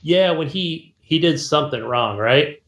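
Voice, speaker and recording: A man's voice: a little high, expressive, unhurried, fairly bright tone, reverberant, dull audio. A man co-hosting a podcast, telling a rambling, laughing story about a video game and acting out its dialogue. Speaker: podcast co-host. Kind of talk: casual gaming chat.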